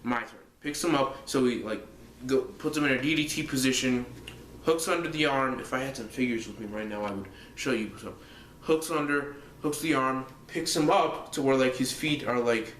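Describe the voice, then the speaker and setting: A man's voice: mid-range voice, moderate pace, a bit bright, slight background noise. A young man vlogging casually, rambling through a story with lots of fillers and restarts. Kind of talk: casual fantasy-booking monologue. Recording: echoey room.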